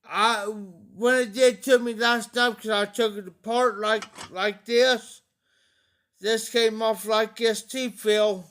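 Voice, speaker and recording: A man's voice: high voice, steady tone, slow, fairly bright tone, smooth. A man hosting a casual livestream, talking anxiously to viewers, pleading for help and repeating himself. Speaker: livestream host.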